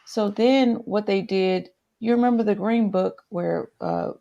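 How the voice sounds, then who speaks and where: Woman, gravelly voice, mellow tone, earnest, halting, dull lo-fi sound. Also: medium pitch. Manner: earnest, halting, explaining at length. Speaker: guest. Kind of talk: casual discussion.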